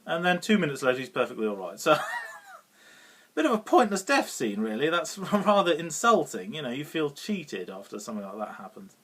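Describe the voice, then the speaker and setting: A man's voice: a little high, huge pitch swings, normal speed, a bit bright, breathy edge. A British man giving a casual, rambling film review, often chuckling and restarting his sentences. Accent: British English. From Britain.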